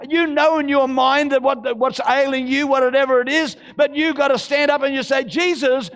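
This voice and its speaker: A male pastor, preaching a fervent sermon that bursts into shouting. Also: very high-pitched. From Australia.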